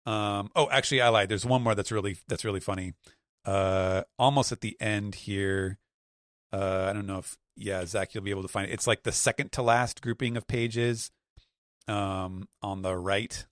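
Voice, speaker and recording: A man's voice: on the low side, steady tone, moderate pace, fairly bright tone, dry recording, clean studio sound. A man on a podcast panel, chatting casually and describing things in a rambling way, with lots of fillers. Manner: rambling, filler-heavy description with acted quotes. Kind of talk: casual chat.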